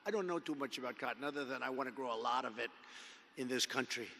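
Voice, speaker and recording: A man's voice: medium pitch, fast talker, pushed and bright, slight background noise. A man in his seventies giving an off-the-cuff convention speech from a podium, rambling and repetitive, leaning on emphatic superlatives. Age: 70s. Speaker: public speaker addressing a convention. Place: large indoor convention arena. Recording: long reverb of a big arena.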